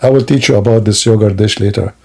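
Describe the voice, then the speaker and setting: Gravelly, husky man mocking on a livestream. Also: on the low side, fairly even intonation, fast, a little mellow. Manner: mocking, laughing, theatrical asides. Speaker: streamer. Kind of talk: sarcastic livestream monologue.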